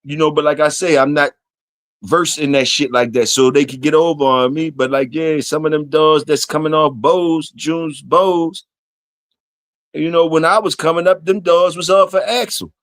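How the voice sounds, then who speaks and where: A man's voice: on the high side, steady tone, normal speed, no echo. A man hosting a casual solo livestream, talking loosely and profanely to his chat and reading comments aloud. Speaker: livestream host.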